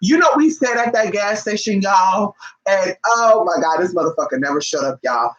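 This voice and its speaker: A woman vlogger telling a story to her viewers in a casual, animated and profane way, calling them "y'all". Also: mid-range voice, normal speed, muffled recording.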